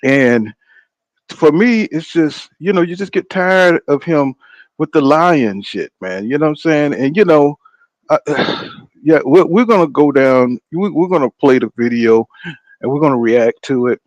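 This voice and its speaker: A man's voice: on the high side, expressive, measured pace, dry recording. A man hosting a live boxing reaction stream, talking loosely and profanely and greeting viewers by name. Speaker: boxing channel host. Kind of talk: casual live-stream commentary.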